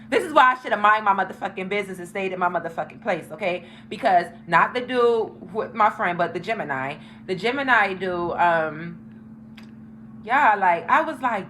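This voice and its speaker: A woman's voice: mid-range voice, a bit bright, a little hiss or hum, poor audio. A young woman hosting a casual storytime vlog, talking frankly and emphatically with lots of profanity. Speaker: tarot channel host.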